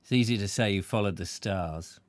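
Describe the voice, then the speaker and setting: A man's voice: lowish voice, normal speed, no echo. A man hosting a casual chat show, rambling in a playful, jokey way. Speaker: show host.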